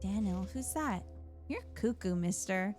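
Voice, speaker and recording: A woman's voice: medium pitch, expressive, a little slow, darkish tone, faint music behind, lightly acted. A woman voicing a cheeky, mischievous young girl with a teasing manner.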